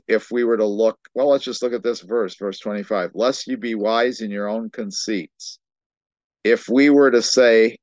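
A man preaching a sermon-style Bible lesson, explaining slowly and emphatically, often stammering and repeating words as he thinks. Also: medium pitch, no room sound. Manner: explanatory, emphatic on key phrases. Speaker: pastor.

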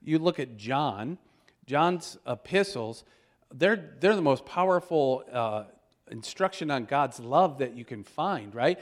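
A man preaching a storytelling sermon, animated and chuckling, who breaks into loud exclamations when he acts out moments. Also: medium pitch, slow. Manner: animated, shouts out quoted exclamations; chuckles while telling stories.

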